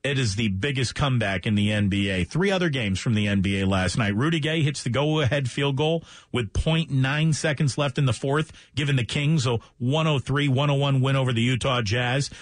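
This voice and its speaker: A man hosting sports radio, reeling off scores and stats in a brisk, chatty manner with the odd joke. His voice is mid-pitched and sits close and dry on the mic, with no room sound around it. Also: no room sound. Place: radio studio.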